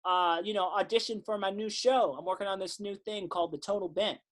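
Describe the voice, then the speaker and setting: Man, 30s, podcast guest, lively storyteller who voices everyone he quotes. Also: sits high, quick pace. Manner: animated storyteller, acts out quotes, swears casually. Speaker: podcast guest, singer-songwriter. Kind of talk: casual storytelling interview.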